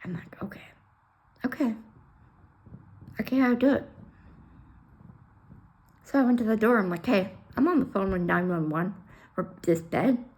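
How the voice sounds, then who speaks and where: A woman telling an emotional personal story bluntly, swearing and acting out the dialogue with sudden loud outbursts. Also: medium pitch, expressive, unhurried, pauses often. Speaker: storyteller sharing her life.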